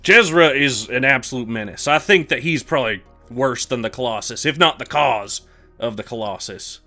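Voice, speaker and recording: A man's voice: mid-range voice, moderate pace, bright, forceful tone, soft background music. A young man playing a tabletop game, blunt and joking, swearing often. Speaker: player.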